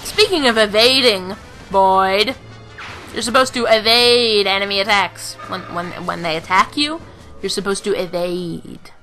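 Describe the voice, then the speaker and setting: A woman's voice: medium pitch, a little slow, sharp tone, soft background music. A woman giving casual, rambling gameplay commentary, joking at her own expense and giggling often. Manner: rambling, self-mocking, giggly. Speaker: let's play commentator.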